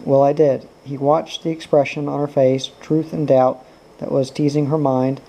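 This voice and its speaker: A man narrating a novel aloud in a steady, even way. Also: on the high side, moderate pace, low-quality recording. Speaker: audiobook reader. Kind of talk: novel reading.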